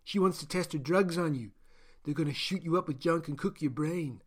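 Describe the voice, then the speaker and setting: A man's voice: fairly high pitch, a little fast, breathy edge, pitched above the performer's own voice. A man voicing a gaunt, defiant male captive who speaks in a blunt, scornful way.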